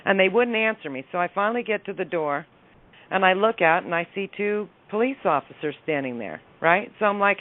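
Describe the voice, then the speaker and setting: A woman's voice: mid-range voice, brisk. A woman calling in to a radio show, telling a story with energy and acting out each side of the dialogue. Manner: animated, acts out the dialogue of her story. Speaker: caller. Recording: tinny phone line.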